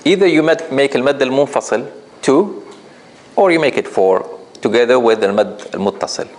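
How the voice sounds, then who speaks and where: A man teaching a recitation class, patiently explaining rules, asking his students questions and demonstrating with drawn-out chanted examples. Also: mid-range voice, lively intonation, rough recording. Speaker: tajweed teacher.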